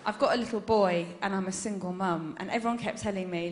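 A woman performing a stand-up comedy set, telling animated stories and punching up the jokes. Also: mid-range voice, fast talker, few pauses, slight background noise. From England. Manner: animated storytelling, loud bursts for punchlines. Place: comedy venue stage. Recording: roomy live venue sound.

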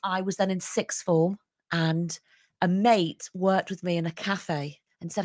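A woman's voice: lowish voice, flat delivery, measured pace, darkish tone. A woman, a radio presenter chatting casually and upbeat about her station's events. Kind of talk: casual chat.

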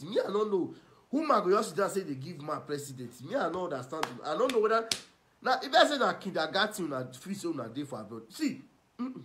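A man with a Nigerian Pidgin accent giving ranting, mocking gossip commentary, scolding and swinging between loud and soft. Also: sits high, sing-song, fast. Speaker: online commentator.

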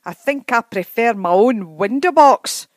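A woman reading aloud, voicing a brisk, tart older housekeeper in a storybook. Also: fairly high pitch, lively intonation, no room sound, studio quality, pitched above the performer's own voice.

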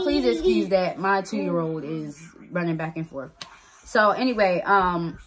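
A woman's voice: medium pitch, normal speed, over music. A woman vlogger telling a personal story in a casual, blunt way, swearing freely and acting out what people said. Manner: animated, blunt, swears freely, acts out dialogue.

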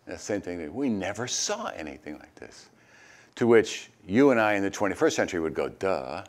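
An older man, a retired pastor, preaching a sermon and reading scripture, with hesitant asides full of fillers and sudden animated bursts. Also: a little fast. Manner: animated, jumps high and loud when acting out crowd voices.

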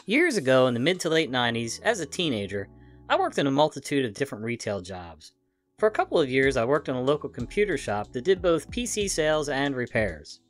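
A man narrating funny internet stories in a lively, expressive way. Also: medium pitch, brisk, faint music behind. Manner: lively, expressive, acts out the dialogue. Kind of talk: reading internet stories aloud.

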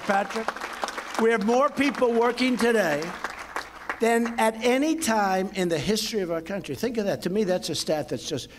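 A man's voice: high voice, background noise. An older man giving a boastful, off-the-cuff speech at a podium, full of repetitions and asides. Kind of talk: rally-style speech. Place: event venue with live audience. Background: faint crowd.

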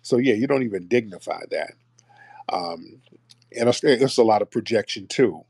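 A man's voice: fairly low pitch, expressive, moderate pace, gravelly, darkish tone, husky, dry recording. A man hosting a call-in talk show, blunt and mocking in manner. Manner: blunt, mocking, puts on voices to mimic callers. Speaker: host.

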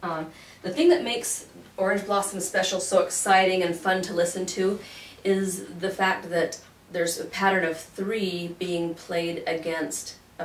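A woman's voice: on the low side, slight background noise. A woman teaching a violin tutorial, explaining patiently and counting beats aloud. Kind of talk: instructional tutorial.

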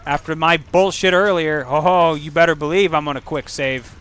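A man giving casual let's-play commentary over a video game, excitable and profane, breaking into silly rhymes and sound effects. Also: a little high, moderate pace, smooth. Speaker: gaming channel host.

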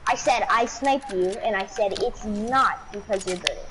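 A woman's voice: mid-range voice, normal speed. A woman bantering playfully with friends during an online game. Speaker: player. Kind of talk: casual game chat. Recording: loud game noise behind.

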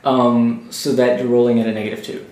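A man as game master, narrating a tabletop game calmly, with fillers. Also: medium pitch, a little fast. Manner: calm descriptive narration with fillers. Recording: echoey room, mic at a distance.

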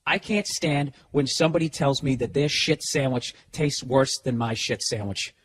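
A man's voice: mid-range voice, normal speed, slight background noise. A middle-aged man hosting a podcast, delivering a profane, sarcastic, rambling comedic rant. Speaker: podcast host. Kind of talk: ranting comedic monologue.

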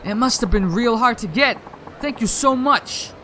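A man voicing an excitable young girlfriend in a video game, raising his voice high and gushing. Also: moderate pace, a little hiss or hum. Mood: delighted.

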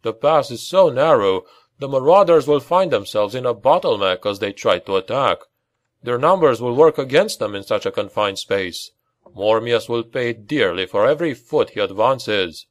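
A man playing a proud, composed male baron who leads knights, speaking with steady, commanding authority. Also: mid-range voice, moderate pace, dry recording, natural voice. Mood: resolute.

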